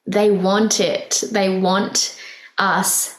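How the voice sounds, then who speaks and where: Slow, earnest woman in an echoey room. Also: medium pitch, fairly even intonation. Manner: earnest and heartfelt, with many fillers and restarts; emotional, laughing softly at herself. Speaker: podcast host. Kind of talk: casual spiritual podcast monologue.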